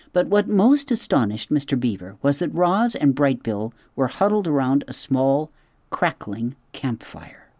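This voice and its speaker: A narrator reading a children's story aloud in a gentle, steady storytelling manner. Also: mid-range voice, no room sound. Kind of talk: audiobook narration.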